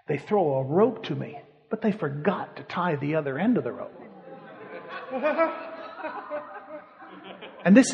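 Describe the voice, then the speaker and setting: Male preacher, high-pitched, animated storytelling, long hall reverb. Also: vocal fry. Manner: animated storyteller, laughing often. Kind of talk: sermon storytelling.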